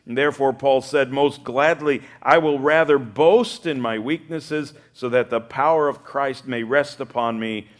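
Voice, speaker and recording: A male pastor preaching a sermon, lively and humorous, acting out the voices of the people he quotes. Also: medium pitch, unhurried, few pauses.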